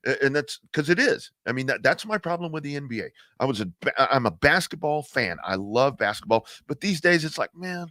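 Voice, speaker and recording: A man co-hosting a sports talk show, excitable and blunt, swearing and restarting sentences as he rants. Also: mid-range voice, dry recording, studio quality.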